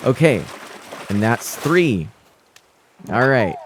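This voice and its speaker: A man with a somewhat low voice gives live commentary on a fishing game. He talks casually to his viewers, reading their messages and laughing often. Faint game music plays behind him. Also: a little slow, pauses often. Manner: chatty, reads out chat and greets viewers, nervous excited laughs. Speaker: game streamer.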